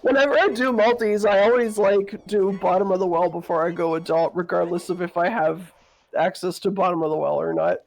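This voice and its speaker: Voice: medium pitch, fairly even intonation, brisk, vocal fry, poor audio. A speaker chatting casually as a co-commentator, rambling and saying "like" often. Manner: rambling, says "like" a lot. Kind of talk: casual chat.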